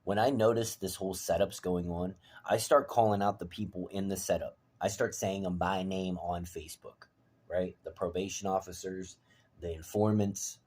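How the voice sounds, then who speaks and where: A man ranting to the camera, profane and heated, veering from low mutters to shouts. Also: steady tone, moderate pace. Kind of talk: angry personal rant to camera.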